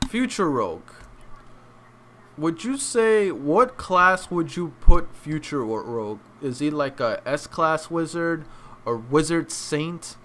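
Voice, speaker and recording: A young man hosting an anime review, choked up and crying, talking in a heartfelt, halting way with many restarts. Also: a little high, animated, a bit bright, slight background noise. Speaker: anime reaction channel host. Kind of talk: emotional casual review.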